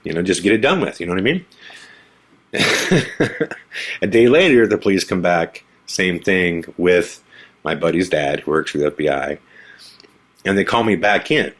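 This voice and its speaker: A man with a low, deep voice tells a story from his own past on his podcast. He talks casually and acts out the back-and-forth lines with animated, shifting delivery. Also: moderate pace, long pauses. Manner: animated, acts out quoted dialogue. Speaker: podcast host.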